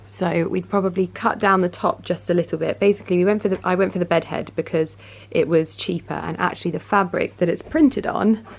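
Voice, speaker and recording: Chatting casually at home, a lifestyle vlogger gushes and rambles, searching for words as she goes. Her gravelly voice sits fairly low with fairly even intonation, and she talks a little fast with few pauses.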